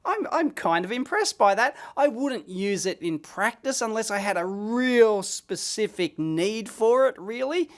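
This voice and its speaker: An Australian man hosting an electronics video, chatting casually and getting excited while he demos a gadget at his bench. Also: high voice, a little slow, hardly any pauses. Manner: excitable, chatty, blokey slang.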